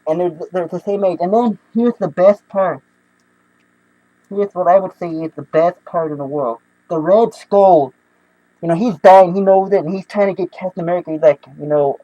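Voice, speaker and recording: A young man casually reviewing comic books, excitable and rambling with many restarts. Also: high voice, brisk, no echo, dull audio.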